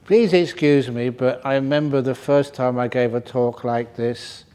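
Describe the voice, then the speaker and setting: An older man gives a Dharma talk to a retreat group. He tells stories with a light, joking touch and often breaks into chuckles. His voice sits at a moderate pitch. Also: fairly even intonation, a little slow, warm tone, clear, resonant tone. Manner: humorous storytelling, chuckles often. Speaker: meditation teacher. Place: retreat centre hall.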